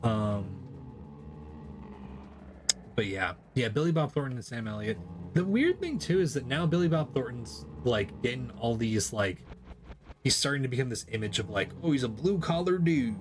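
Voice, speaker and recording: A man's voice: medium pitch, lively intonation, normal speed, pauses often, over music. Rambling, profane male game streamer. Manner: rambling, profane, frequent laughs. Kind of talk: casual chat while gaming.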